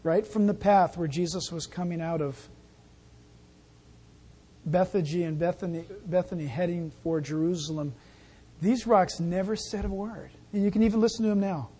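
A pastor giving a sermon in an animated, jokey way, acting out the scenes. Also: medium pitch, normal speed, husky.

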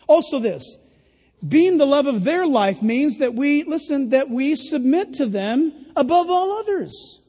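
Older male preacher, high-pitched, emphatic, jokey asides; sermon in a reverberant church hall. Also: very animated, moderate pace, mellow. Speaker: pastor. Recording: long reverb of a large hall.

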